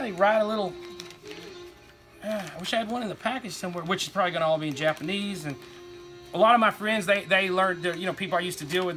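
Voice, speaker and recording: A middle-aged man, rambling enthusiastically as he shows off his toy collection. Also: high voice. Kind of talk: casual show-and-tell chat.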